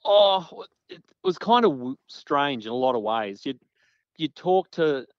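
A man's voice: a little high, sing-song, unhurried, dry recording. A man as a guest recalling interviews, rambling with many restarts and fillers. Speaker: guest journalist. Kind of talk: casual interview chat. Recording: dull lo-fi sound.

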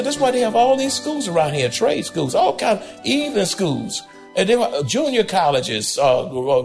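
A male pastor delivers a sermon in a high, lively voice that leaps up and drops low. He talks straight to the congregation in a folksy, conversational way and breaks into the odd shout. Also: gravelly. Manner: animated preaching, swooping between high and low, occasional shouts.

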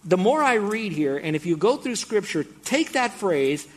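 A man preaching a sermon, talking straight to his congregation in a conversational way, now and then getting excited and acting out a game show host. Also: high-pitched, normal speed. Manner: animated, bursts into excited game-show mimicry; conversational, addresses congregation directly.

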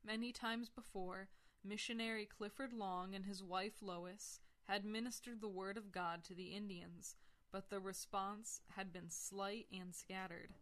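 A woman reading a missionary account aloud on a religious radio broadcast, in a measured and expressive storytelling manner. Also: mid-range voice.

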